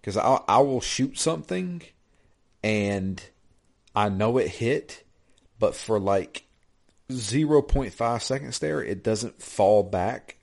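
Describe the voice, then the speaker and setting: A man with a slightly low voice chats easily on a podcast, rambling and correcting himself as he goes. He talks like a friend going over the games he's been playing, loose and unhurried. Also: expressive, vocal fry, darkish tone. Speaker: podcast co-host. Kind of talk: casual chat about video games.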